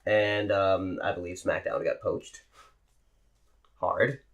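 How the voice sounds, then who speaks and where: A man's voice: deep voice, fairly even intonation, slow, vocal fry, dull audio. A man co-hosting a podcast, chatting casually and trading jokes. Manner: joking, bantering. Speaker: podcast co-host. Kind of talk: casual wrestling podcast chat.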